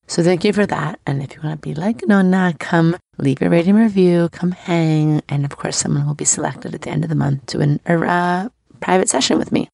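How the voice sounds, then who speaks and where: A woman's voice: low-pitched, normal speed, creaky, darkish tone, no echo. A woman hosting an astrology podcast in casual, effusive chat, her voice a little scratchy today. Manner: bubbly, effusive, chatty.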